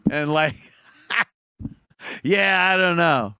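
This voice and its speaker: A man's voice: on the high side, measured pace, long pauses, pushed and bright, clear, resonant tone, no echo, clean studio sound. A talk show host, a man, mocking a trailer in a profane comedic rant and laughing often.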